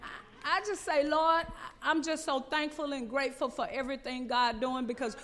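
A woman stands up in church to give her testimony, earnest and emotional, her words halting as she searches for them. Her voice rings with the long reverb of the church hall. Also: high-pitched, steady tone, fairly bright tone. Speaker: church member giving testimony.

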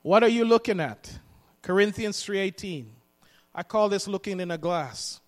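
Male preacher, sermon, high voice, emphatic delivery, booming hall reverb. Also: moderate pace. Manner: emphatic, repeats lines for the congregation to echo.

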